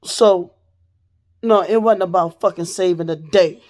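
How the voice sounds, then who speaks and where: A woman vlogger telling a personal story straight to the camera, blunt and profane, her voice dropping low and then rising loud. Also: unhurried.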